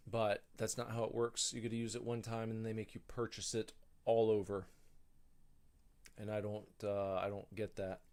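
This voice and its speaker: A man's voice: medium pitch, moderate pace. Grumbling man streaming a game. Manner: rambling, grumbling, thinking aloud. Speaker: gaming streamer. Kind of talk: casual gameplay commentary.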